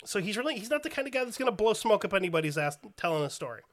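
A man's voice: high-pitched, big pitch swings, very fast. A man hosting a podcast in casual chat, profane and joking. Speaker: podcast host.

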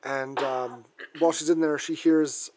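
A man from Canada recaps a horror film in easy conversation. His voice sits a little high for a man. He talks in halting bursts, often stopping to restart a phrase. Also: fairly even intonation, noisy background. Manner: halting, with frequent restarts and fillers.

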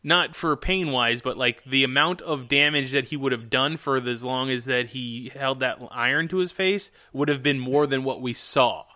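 A man co-hosting a podcast in casual chat, talking in an animated, ranting way and swearing freely. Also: medium pitch, moderate pace, hardly any pauses. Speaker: podcast co-host.

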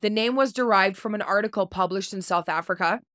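A woman podcast host reads a prepared story in a blunt, casual way, dropping swear words. She trips over unfamiliar names. Her voice is mid-pitched, recorded close and dry with no room sound. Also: brisk, a bit bright, no room sound. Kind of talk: reading a prepared true-story segment.

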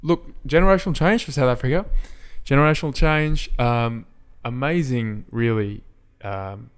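A man's voice: medium pitch, moderate pace, clean tone. A man, co-hosting a podcast in a laid-back, agreeable way. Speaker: podcast co-host. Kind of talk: casual chat.

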